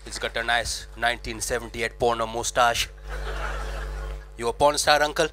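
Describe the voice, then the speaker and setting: A man's voice: medium pitch, fairly even intonation, normal speed, heavy background noise. A man with a British accent doing stand-up and teasing the audience in a brash, cheeky way on a club stage. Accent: British English. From Britain. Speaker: stand-up comedian. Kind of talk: stand-up comedy, crowd work. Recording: live club with loud crowd.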